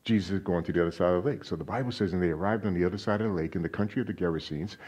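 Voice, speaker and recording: A man preaching a sermon as a guest speaker in a church, animated, asking the congregation questions and raising his voice on quoted lines. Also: low voice, very fast, slight background noise. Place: church sanctuary.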